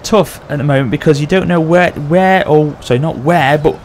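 Excitable man commentating a game battle. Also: fairly high pitch, moderate pace, a little hiss or hum. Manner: excitable, rambling, audience-addressing. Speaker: gaming channel host. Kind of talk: battle commentary over gameplay.

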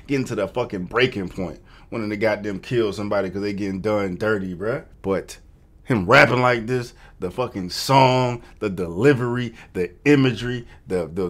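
Dude reacting to a song, lowish voice, cussing, bro this dog that. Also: male voice. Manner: profane, slangy, keeps saying bro and dog. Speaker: music reaction host. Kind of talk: casual reaction commentary.

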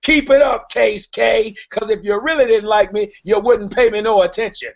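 Brash, mocking male stream host with a high-set voice, heard through dull stream audio. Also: normal speed, gravelly. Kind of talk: profane live-stream rant.

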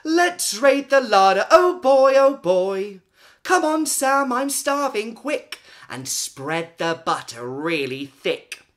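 A woman voicing a greedy, excitable young girl who is always hungry, gushing and wailing in a high, loud voice. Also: takes it slowly. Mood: greedy excited.

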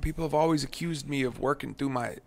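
A male musician guest with a gravelly, fry-edged voice, musing aloud in a relaxed interview. He circles back on his words, restarting and repeating himself while working through his ideas. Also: mid-range voice, fast talker. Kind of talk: casual interview chat. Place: home studio.

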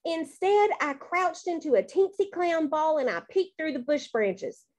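Expressive woman narrating a children's book. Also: high voice, measured pace. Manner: bouncy and expressive. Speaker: audiobook reader.

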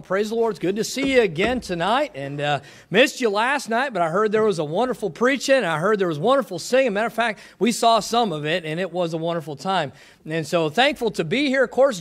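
Male pastor, high-pitched, folksy testimony style, punctuated with praise. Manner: folksy, quick, exclaims praise often. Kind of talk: missions conference testimony.

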